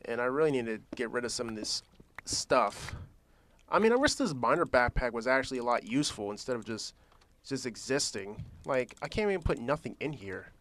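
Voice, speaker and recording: A man's voice: mid-range voice, lively intonation, brisk, fairly bright tone. A man giving casual, rambling commentary while he plays a modded block-building game, thinking aloud and trailing off into restarts. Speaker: gaming channel host.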